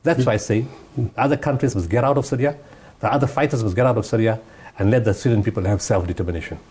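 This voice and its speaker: A man's voice: lowish voice, fast talker, darkish tone, breathy edge. A man giving impassioned interview answers, emphatic and repeating his points. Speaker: guest humanitarian speaker.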